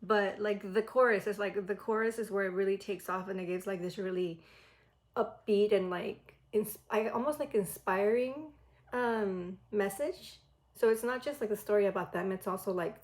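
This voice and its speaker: Woman, reaction-channel host, creaky voice, excitable and rambling. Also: mid-range voice, rough recording. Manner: excitable and chatty, heavy on "like". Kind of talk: casual reaction vlog.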